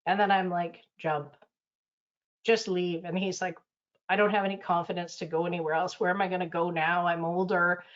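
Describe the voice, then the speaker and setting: A woman's voice: lowish voice, level tone, fairly quick, dull audio. A woman coach, talking casually on a video call and acting out quotes, with lots of fillers. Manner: chatty, loose, full of fillers, acts out quotes. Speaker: consultant and coach. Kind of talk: casual webinar talk.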